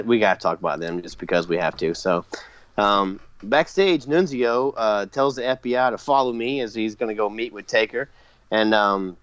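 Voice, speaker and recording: A man's voice: medium pitch, no echo. A man hosting a casual podcast, rambling through a wrestling recap with lots of fillers and laughs. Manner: rambling, filler-heavy, laughs at his own bits. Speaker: podcast host. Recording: dull dry lo-fi podcast mic.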